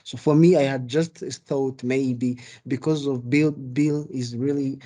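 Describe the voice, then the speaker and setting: A man's voice: medium pitch, fairly even intonation, takes it slowly, mellow. A man asking a long, hesitant question in a webinar, with many restarts, on a video call. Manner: hesitant, restarts, non-native phrasing.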